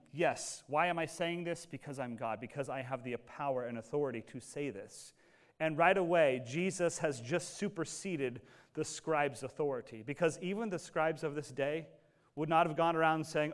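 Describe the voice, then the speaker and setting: A male pastor preaching a sermon, animated and conversational, acting out quoted voices as he explains a passage. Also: a little high, measured pace.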